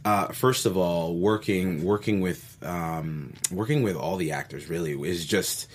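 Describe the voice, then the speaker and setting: A man's voice: deep voice, measured pace, slightly rough. A man, a guest actor, chatting casually in an interview, laughing often and poking fun at himself. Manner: laughing, self-deprecating, rambling.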